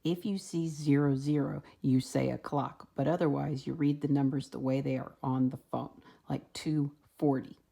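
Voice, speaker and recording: Very low, gravelly woman teacher. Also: fairly even intonation, normal speed, few pauses, warm tone. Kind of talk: explaining a lesson.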